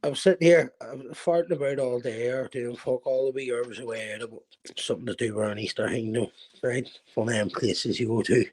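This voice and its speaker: A man's voice: mid-range voice, fairly even intonation, fairly quick, a little mellow. Male guest, rambling sweary anecdote, everyday mid voice. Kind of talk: casual banter on a livestream.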